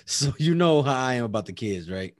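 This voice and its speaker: Casting note: man, casual storyteller, medium pitch, dry close sound, animated, often laughs. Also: normal speed, no echo. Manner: animated, acts out dialogue, laughs often, heavy profanity. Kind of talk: casual chat.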